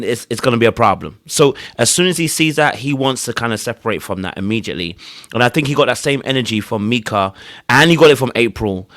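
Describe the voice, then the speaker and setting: A man's voice: medium pitch, fairly bright tone, dry recording, clean studio sound. A man on a podcast panel, talking through a reality dating show in a rambling way, restarting his sentences and acting out what a contestant might say. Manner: rambling, restarts, acts out hypothetical quotes. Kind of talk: casual reality-show discussion. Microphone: podcast mic.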